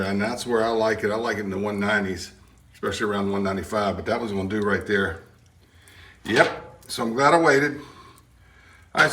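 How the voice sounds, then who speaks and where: A middle-aged man with a medium-pitched, sharp-toned voice hosts a casual home cooking vlog from his patio and kitchen. He talks in a folksy, rambling way full of fillers, and there's a little hiss or hum on the recording.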